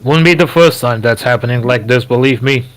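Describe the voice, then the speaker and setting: A man's voice: medium pitch, a little fast. A man in a voice call, chatting casually and repeating himself as he restarts his sentences. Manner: repetitive, restarts, reassuring. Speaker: voice chat guest. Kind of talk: casual chat. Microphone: computer headset over voice chat.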